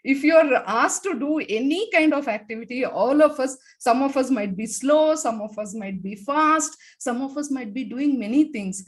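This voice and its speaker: A woman leading a guided laughter exercise on a video call, talking with many fillers and demonstrating laughter sounds in loud bursts. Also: high-pitched, expressive, moderate pace, few pauses. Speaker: laughter yoga expert.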